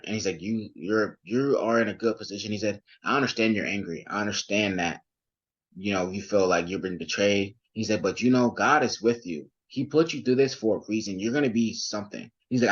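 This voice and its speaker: A man's voice: on the low side, a bit bright, slightly rough, lo-fi sound. A young man as an interview guest, telling his story casually with many fillers and restarts. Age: young adult.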